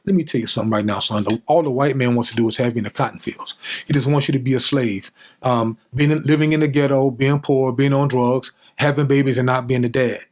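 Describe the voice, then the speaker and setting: A man's voice: medium pitch, fairly even intonation, fast talker, lightly acted. A man voicing his stern father lecturing a young son about life. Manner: lecturing, demanding answers.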